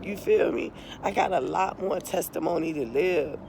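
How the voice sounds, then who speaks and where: A woman's voice: fairly low pitch, normal speed, vocal fry, noisy background. A middle-aged woman vlogging an emotional, tearful testimony, impassioned and profane, calling her viewers "y'all" again and again.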